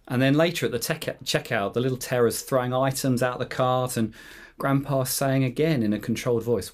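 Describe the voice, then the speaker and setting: A man preaching a conversational homily, telling stories in an easy, relaxed way. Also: mid-range voice, fairly quick. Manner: relaxed storytelling with anecdotes.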